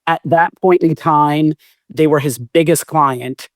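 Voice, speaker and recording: In a clean studio recording with no room sound, a man in his forties speaks slowly with a fairly high pitch and steady tone. He's a music manager appearing as a podcast guest, rambling through long anecdotes and correcting himself along the way in a casual interview.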